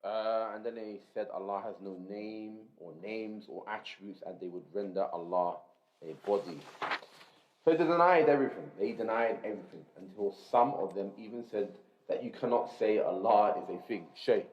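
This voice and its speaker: A man reading a religious text aloud to a class in a measured, explanatory way, stopping to gloss Arabic terms. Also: fairly low pitch. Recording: roomy, dull lo-fi recording.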